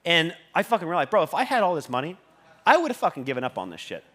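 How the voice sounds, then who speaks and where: A man giving a motivational talk on a conference stage. He swears constantly and keeps surging in volume when he gets excited. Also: fairly high pitch, fast talker. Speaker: conference speaker.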